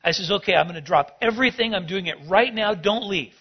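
A man's voice: high voice, fast, husky. A man telling a personal story in a sermon, acting out both sides of the conversation. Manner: animated storyteller, acts out dialogue. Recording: dull lo-fi sound.

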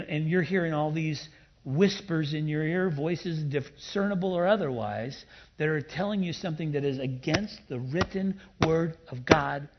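A man preaching a sermon in an emphatic way, with playful asides and loud bursts of emphasis. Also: on the high side, lo-fi sound, background noise. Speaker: pastor.

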